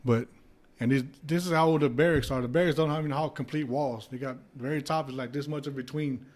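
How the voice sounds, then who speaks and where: A fast-talking man with a slightly high voice recounts stories on a podcast where he's a guest. Formerly a heavyweight boxer, he tells his anecdotes casually and animatedly, with plenty of swearing and laughter.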